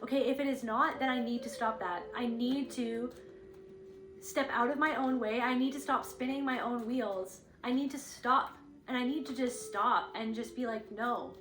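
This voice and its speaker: High-voiced woman in a roomy echo. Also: steady tone, moderate pace, noisy background. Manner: rambling, earnest, casually profane, acts out inner voices. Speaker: intuitive spiritual reader. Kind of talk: spiritual reading monologue.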